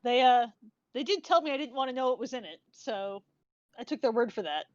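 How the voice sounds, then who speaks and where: A woman's voice: on the high side, animated, a little fast, no room sound. A woman player in a tabletop role-play, giggly and hesitant, recorded on a dull, dry mic.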